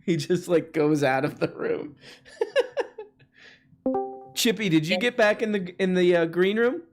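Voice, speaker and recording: A man hosting a casual live stream, joking and playful in quick asides to callers and viewers. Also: high voice, over music. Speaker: livestream host.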